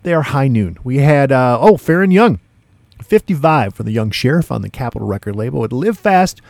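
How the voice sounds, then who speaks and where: A middle-aged man hosting a radio show, chatting casually with hip slang, lots of "uh"s and bursts of excitement. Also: mid-range voice, a little fast, creaky, no echo. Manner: excitable, laid-back hipster slang, many fillers. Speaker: radio DJ host.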